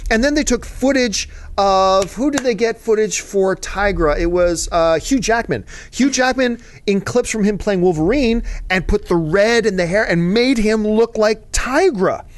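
A high-pitched man talks a little slowly with few pauses. As a show host replying to viewer mail, he keeps a casual conversation about movies going. He comes across as an eager fan who rambles and slips into asides.

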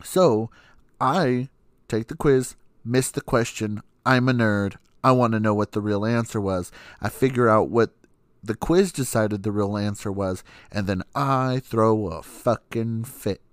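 A man's voice: on the low side, a little slow, no echo, studio quality. A young adult man hosting a podcast, telling a story in a casual, sassy and profane way, laughing often. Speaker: podcast host.

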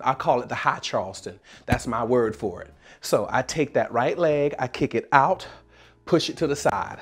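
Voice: mid-range voice, lively intonation, fairly quick, husky. A dance instructor from South Carolina, leading a dance tutorial by counting beats aloud and scatting rhythms, with plenty of energy.

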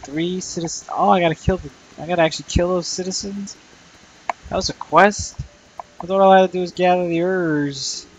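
A man's voice: high voice, steady tone, a little fast, a little hiss or hum, poor audio. A young man giving crude, rambling let's play commentary, swearing constantly and muttering at the enemies he fights. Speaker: gamer playing solo.

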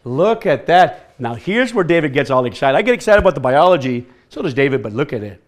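A man presenting a farming workshop to a live audience, energetic and quizzing the listeners as he talks. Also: mid-range voice, quick pace. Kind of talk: lively workshop talk.

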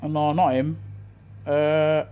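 Man, British accent, young adult, excitable, chatty, live gameplay commentary, headset mic. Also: fairly high pitch, takes it slowly, smooth, phone-quality sound. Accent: British English. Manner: chatty, excitable, talks to chat. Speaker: gaming livestreamer. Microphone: gaming headset.

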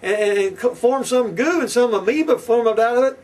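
A man preaching a fiery sermon in a very high, husky voice. He repeats his lines as he presses his point, and he sounds set back from the microphone. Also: normal speed, darkish tone. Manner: preachy, repetitive, fiery and confrontational. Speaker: pastor. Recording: distant from the mic.

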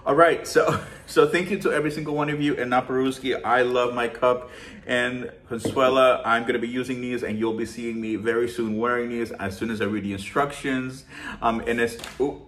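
A man hosting a shopping channel, chatting casually and warmly thanking his viewers in an effusive, heartfelt way. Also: medium pitch. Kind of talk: casual vlog chat to viewers.

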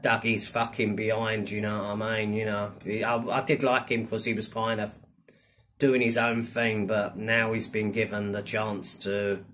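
A man's voice: lowish voice, fairly bright tone, slight background noise. A man, ranting and rambling in a vlog, swearing often and keeping a conversational, repetitive flow. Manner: profane, rambling, keeps asking "do you know what I mean". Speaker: vlogger. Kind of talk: ranting commentary.

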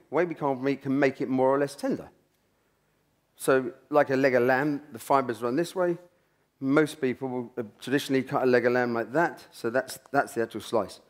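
A middle-aged man, telling a rambling story from his kitchen career at a symposium, often restarting his sentences. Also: medium pitch. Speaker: chef giving a talk. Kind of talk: anecdotal talk at a symposium.

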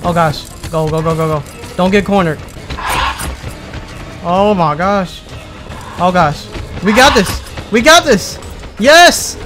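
A man giving excitable commentary on his game playthrough, yelping and pleading as things go wrong. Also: high voice, slow pace, long pauses. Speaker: gamer. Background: game music.

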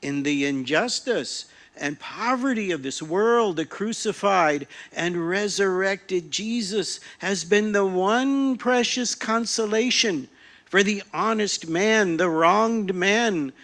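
A man voicing the apostle Paul as a stubborn, zealous preacher, declaiming forcefully. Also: sits high, slow, voice pushed up, exaggerated voice. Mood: fierce.

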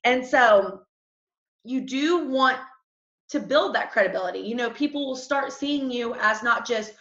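A peppy young woman coaches her team on a call, chatty and casual with lots of "like" and "y'all." Her voice is bright and ringing, a little high. It sits in an echoey room on a dull, lo-fi recording. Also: moderate pace.

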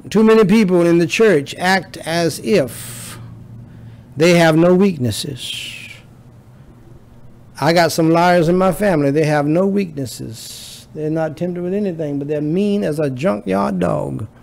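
Pastor, male, gravelly, slow deliberate sermon delivery with repeated punchlines, a bit high-pitched. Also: a little mellow. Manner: preaching with rising emphasis and repetition.

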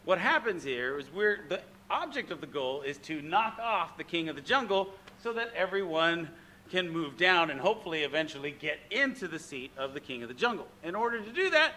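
A man teaching an acting class, explaining warmup games with energy. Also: fairly high pitch, a little fast, slight background noise. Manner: energetic, demonstrating animal sounds. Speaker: drama teacher. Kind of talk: classroom instruction. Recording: echoey room.

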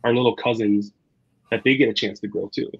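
A man's voice: on the low side, a little fast, creaky, breathy edge. A man, a chef and guest on a talk show, chatting casually and acting out the people in his stories, with many fillers. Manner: animated storyteller, acts out quotes, many fillers. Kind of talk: casual interview chat. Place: Twin Cities area. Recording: slightly dull, lo-fi sound.

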